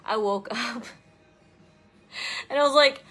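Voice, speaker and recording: A woman co-hosting a crafting video, chatting casually and giggling through animated stories. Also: a little high, a little slow, long pauses. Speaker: co-host of a crafting channel. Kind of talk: casual chat while crafting.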